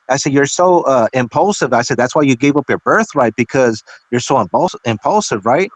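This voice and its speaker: A man spins a casual story in a middle-pitched voice, swearing freely and acting out each exchange he quotes. The sound is dry and close, with no room echo. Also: a little fast, few pauses. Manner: profane, animated, acts out quoted dialogue.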